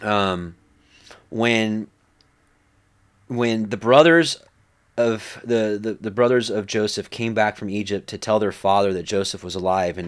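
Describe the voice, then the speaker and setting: A man's voice: on the low side, a little slow, pauses often. Man teaching scripture in an easy, chatty way. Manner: conversational, with many fillers and lively acted-out quotes. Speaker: Bible teacher. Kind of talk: casual Bible study teaching.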